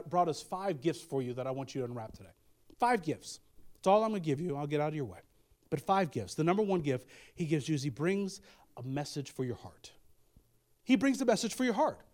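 High-voiced man preaching a sermon. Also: darkish tone. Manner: conversational preaching with asides and repeated phrases. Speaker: pastor.

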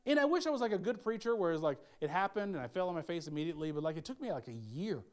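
A man's voice: on the high side, sing-song, racing, darkish tone. A young adult man, a pastor, preaching a sermon in a conversational, emphatic way with frequent asides.

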